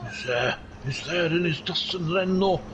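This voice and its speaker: A man's voice: fairly high pitch, normal speed, background noise. A man in a put-on North Welsh accent commentating a live sim race, joking and rambling into asides.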